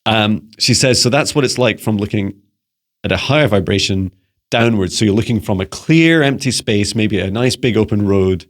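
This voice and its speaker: A man's voice: lowish voice, moderate pace. A man from Scotland, a psychic mentor, answering viewer questions in a rambling casual monologue full of restarts. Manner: rambling, many restarts and fillers; playful beeping noises.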